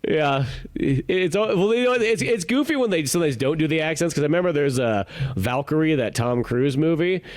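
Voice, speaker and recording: Lively, rambling male podcast host. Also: on the high side, fairly quick, hardly any pauses. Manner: rambling, laughs often, many fillers and restarts. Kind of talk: casual chat about movies.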